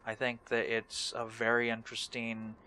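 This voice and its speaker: A man's voice: mid-range voice, completely flat delivery, normal speed, sharp tone. A young man giving casual, rambling gaming commentary, hesitant and self-deprecating. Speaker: let's play host.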